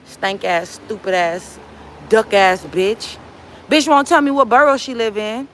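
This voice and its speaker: Sharp-voiced woman ranting on a livestream. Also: medium pitch, measured pace, a little hiss or hum. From Los Angeles. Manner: profane, confrontational trash talk. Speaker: livestream host. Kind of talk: casual livestream rant. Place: laundromat.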